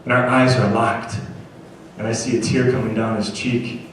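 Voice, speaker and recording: A man's voice: mid-range voice, flat delivery, normal speed, a bit bright, a little hiss or hum. A man giving a motivational storytelling talk to schoolchildren at an assembly, earnestly asking the crowd to agree with him. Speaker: motivational speaker. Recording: very echoey hall, voice from far off.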